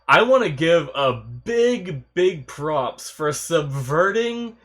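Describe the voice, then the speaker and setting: A young man reacting to an anime episode in casual commentary, excitable and emotional, swearing and laughing, his nose stuffy from crying. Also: mid-range voice.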